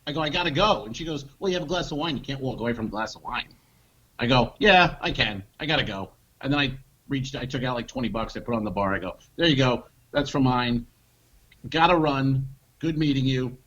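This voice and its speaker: A man co-hosting a comedy podcast, telling an animated story and acting out the voices of the people in it. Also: mid-range voice, brisk, breathy edge, muffled recording. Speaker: podcast co-host.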